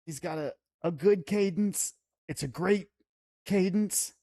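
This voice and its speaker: A man's voice: sits high, takes it slowly, dark tone. A man hosting a casual group voice chat, reading viewer comments and teasing the others playfully.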